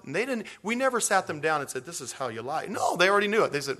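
Animated man preaching a sermon. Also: fast talker. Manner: animated, acts out quotes with big pitch swings; conversational, jokey asides. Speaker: pastor.

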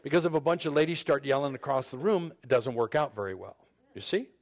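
A pastor with a mid-range voice, lively intonation and a quick pace preaches a conversational sermon. He often repeats words and restarts sentences as he speaks to the men and then the women in turn.

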